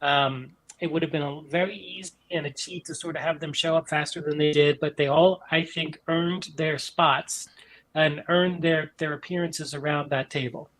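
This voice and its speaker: A man's voice: on the high side, steady tone, normal speed, fairly bright tone, low-quality recording. A man in casual podcast chat, talking enthusiastically and rambling with many ums, from an upstairs room in his mother's house. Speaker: podcast guest.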